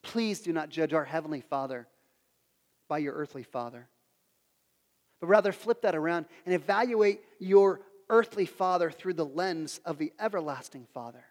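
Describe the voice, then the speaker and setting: A man in his thirties preaching a sermon, earnest, who repeats phrases and goes soft for prayers. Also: on the high side, normal speed. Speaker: pastor. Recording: long hall reverb with soft music behind.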